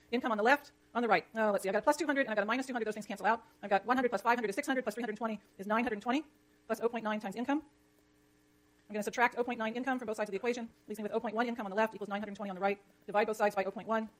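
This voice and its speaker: A woman lecturing an economics class, brisk and jokey, scolding the chatter when it gets too loud. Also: fairly high pitch.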